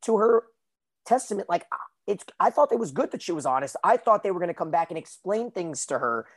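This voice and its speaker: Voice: medium pitch, sing-song, fairly quick. A podcast co-host recapping a TV episode in loose, casual chat, peppered with filler words.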